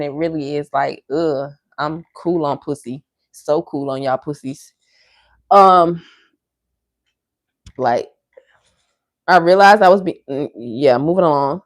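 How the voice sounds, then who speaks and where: A woman's voice: fairly low pitch, no room sound. A woman hosting a livestream, ranting bluntly and profanely to her viewers in casual chat. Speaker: livestream host. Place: Miami area.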